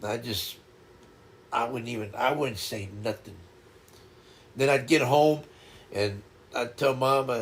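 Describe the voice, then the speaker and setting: An older man hosting a casual livestream chat, talking in a reflective, halting way and often repeating words as he starts over. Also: medium pitch. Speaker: livestream host.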